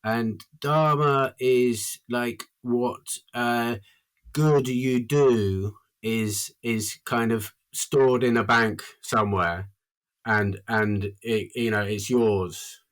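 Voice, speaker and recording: A man's voice: mid-range voice, steady tone, extremely slow, fairly bright tone. A man talking casually as a podcast guest, rambling and earnest, with lots of fillers. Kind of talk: casual chat.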